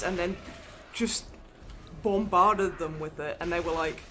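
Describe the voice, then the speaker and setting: A woman hosting a casual charity livestream, chatty and quick to laugh, with casual swearing. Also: fairly low pitch, fairly even intonation. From Australia. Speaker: livestream host. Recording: noisy livestream mic.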